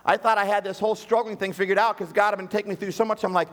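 A man's voice: sits high, rapid-fire. Preacher man in a reverberant hall. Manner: animated, swings from hushed quoted voice to raised pleading. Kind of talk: sermon storytelling.

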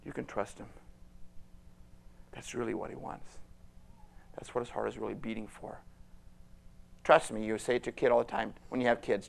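A man preaching a sermon with fervent delivery, swinging from loud bursts to hushed whispers. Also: lowish voice, steady tone, moderate pace, creaky, pauses often, slight background noise.

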